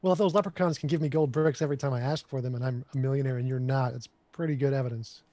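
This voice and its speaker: A man in a debate, giving quick, matter-of-fact answers to jabs from viewers. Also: medium pitch, steady tone, warm tone. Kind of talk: debate rebuttal.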